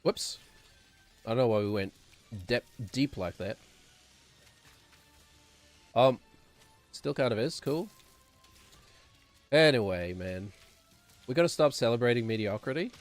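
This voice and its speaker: A man's voice: mid-range voice, animated, measured pace, pauses often, soft background music. A man streaming a game, rambling and sarcastic, chuckling as he talks. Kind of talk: casual gameplay commentary.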